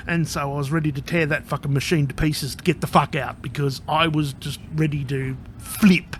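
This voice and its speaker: A man's voice: a little high, fairly even intonation, moderate pace, slight background noise. A man talking casually to camera in a rambling vlog monologue, swearing constantly as he tells his story. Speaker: vlogger.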